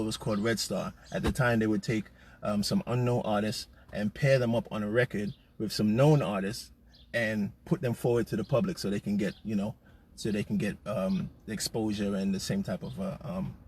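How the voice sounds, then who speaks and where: A man hosting from his car, telling a long rambling story in a casual, swearing, animated way. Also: mid-range voice, slight background noise. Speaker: host.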